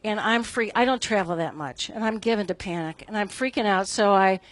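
A woman's voice: medium pitch, brisk, no room sound. A middle-aged woman gives a casual devotional talk at a Bible study. She is conversational and self-deprecating, and often checks in with "right?".

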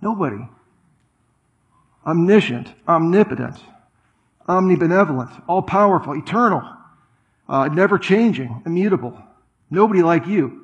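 A man's voice: on the high side, lively intonation, lo-fi sound. Man preaching in a conversational way. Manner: conversational preaching with asides and quick repetitions. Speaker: pastor. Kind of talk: sermon.

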